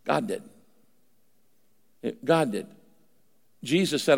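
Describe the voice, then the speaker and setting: A man's voice: fairly high pitch, animated, normal speed, creaky, big-room sound. An older man preaching a sermon in a conversational way, at times voicing imagined listeners. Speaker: pastor.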